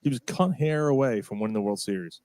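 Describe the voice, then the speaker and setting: A man's voice: medium pitch, quick pace, dry recording. A man co-hosting a sports podcast, chatting loosely and swearing freely. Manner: loose and profane, animated. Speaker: podcast co-host. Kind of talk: casual sports chat.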